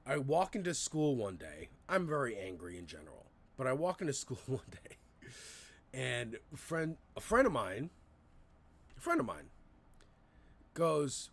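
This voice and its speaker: 30s guy streaming, rambly and sweary, lots of uhs and likes, normal middle pitch. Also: very animated, a little slow, gravelly, pauses often. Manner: rambling, profane storytelling with frequent fillers. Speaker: live streamer. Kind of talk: casual livestream commentary.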